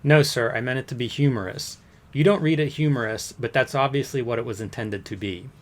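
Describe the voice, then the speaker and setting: A man's voice: mid-range voice, a little fast, lightly acted. A man reading the part of a writer testifying under oath, answering with curt, insistent denials. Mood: defensive. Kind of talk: reading a court transcript aloud.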